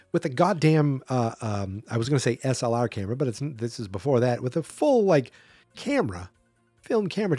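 A man's voice: on the high side, dark tone, no room sound. A man hosting a solo podcast, rambling through a movie in casual commentary and acting out quotes in a raised voice. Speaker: podcast host.

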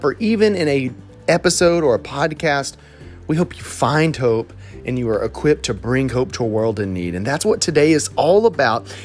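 A man with a Southern Alabama accent, the lead pastor, preaching a conversational sermon with animated, slang-filled examples. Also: fairly high pitch.

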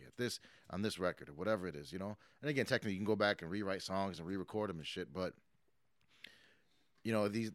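A man in his late thirties speaks in a low voice with a dry, close sound, no room around him. He rambles emphatically and swears freely. His talk is casual, like a hip-hop artist's interview answer. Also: fairly bright tone, no room sound. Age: 30s. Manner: profane, emphatic, rambling motivational.

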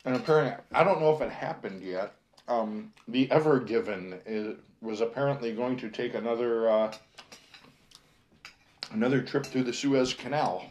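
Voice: mid-range voice, a little mellow. A podcast co-host chatting casually, stumbling over words with many fillers. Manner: halting, many fillers and restarts, laughs easily. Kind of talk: casual chat.

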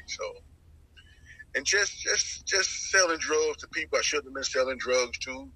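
A middle-aged man tells his life story as testimony. His voice is husky and tight, with a very bright, sharp edge. He talks with lots of animation, repeating lines and putting on the voices of the people he quotes. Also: medium pitch, moderate pace, dry recording, rough recording. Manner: lively storyteller who acts out the voices he quotes, repeats phrases. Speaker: guest sharing his testimony.

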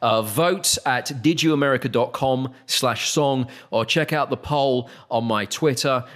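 A man hosting a casual podcast chat, ranting with exasperation and climbing higher when he gets worked up. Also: a little slow, fairly bright tone. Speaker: podcast host.

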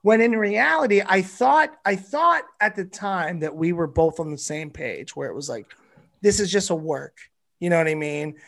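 Male comedian guest, high-pitched voice, animated and foul-mouthed storyteller. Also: moderate pace, gravelly. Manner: animated, profane, rambling. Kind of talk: casual storytelling.

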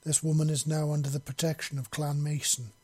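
A man reading an audiobook, voicing a steady male clan patriarch who speaks in a measured, persuasive way. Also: fairly high pitch, breathy edge.

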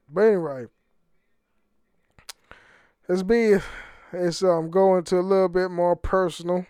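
High-voiced profane American man rambling. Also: clean tone, no room sound, studio quality. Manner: rambling, profane, repeats words when restarting. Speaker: podcast host. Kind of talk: casual solo podcast monologue.

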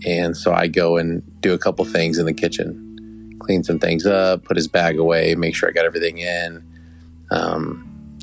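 Man, young adult, podcast host, gravelly low voice, casual rambling storytelling. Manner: rambling, affectionate, with restarts.

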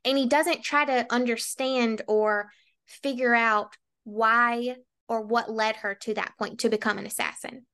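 A woman's voice: on the high side, fairly even intonation, a little slow, sharp tone, smooth. A woman co-hosting a book podcast, talking casually and with strong opinions, often saying "like". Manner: opinionated, frequent "like" fillers. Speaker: podcast co-host.

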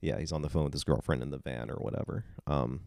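A man with a very deep voice chatting through a movie recap. He breaks into loud, animated quotes of the lines. The sound is dry and close. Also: fast, creaky, no echo. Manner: retells scenes in animated bursts, quoting lines loudly. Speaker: podcast co-host. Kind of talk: casual film discussion.

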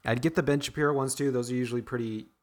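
A man's voice: medium pitch, steady tone, rapid-fire. A man co-hosting a podcast, rambling in casual chat, restarting sentences often. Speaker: podcast co-host.

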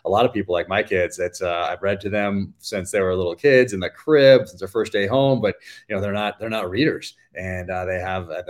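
A middle-aged man, an author guest on a casual podcast interview, telling stories in a rambling way with many fillers. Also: low-pitched.

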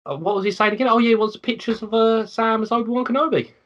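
A man's voice: high-pitched, steady tone, quick pace, a bit bright. A man co-hosting a podcast, joking crudely and swearing a lot in casual banter. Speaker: podcast co-host. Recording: dull lo-fi sound.

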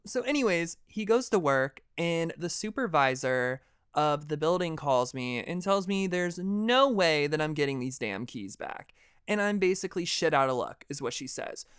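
Young man, podcast host, smooth voice, dry close sound, dramatic casual storytelling, swears a lot. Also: a little high, no echo. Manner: dramatic, animated and expressive; swears freely.

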